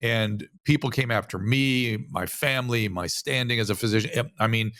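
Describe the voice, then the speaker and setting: A physician from the United States speaking as an interview guest, telling a story animatedly with frequent restarts. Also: male voice, mid-range voice, moderate pace, fairly bright tone, dry recording, clean studio sound. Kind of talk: casual interview conversation.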